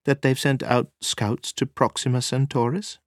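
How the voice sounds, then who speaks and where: A man's voice: mid-range voice, flat delivery, moderate pace, no echo, clean studio sound, voice pushed up, lightly acted. A man reading an audiobook, voicing a curious, chatty woman in a lightly raised voice.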